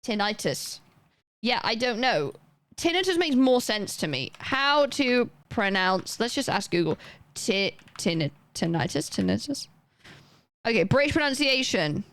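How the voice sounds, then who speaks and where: A woman's voice: fairly high pitch, big pitch swings, normal speed, fairly bright tone, smooth. A young woman livestreaming a game, chatting casually and rambling as she plays and talks to her chat.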